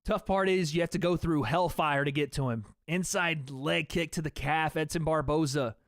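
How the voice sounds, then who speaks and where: Slightly high-pitched and recorded dry with clean studio sound, this man hosts a livestream watch party for a fight and calls the action play by play. He's talkative, curses freely, and chats with his viewers between calls.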